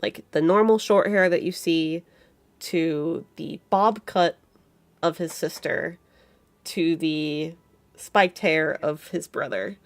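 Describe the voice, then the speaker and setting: A woman running a tabletop game, describing each scene at a slow, careful pace. Her voice is slightly low, and the recording is dry with no room sound. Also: steady tone, no room sound. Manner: slow descriptive narration with fillers. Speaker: game master.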